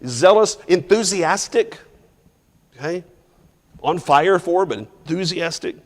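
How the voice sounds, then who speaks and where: A man with a somewhat high voice leads a Bible class, walking through verses in a chatty, informal way and quizzing his listeners. His words ring out with a long reverb, as in a big church hall. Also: expressive, takes it slowly. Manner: informal, restarts phrases, asks the class questions and chuckles. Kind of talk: conversational verse-by-verse Bible teaching.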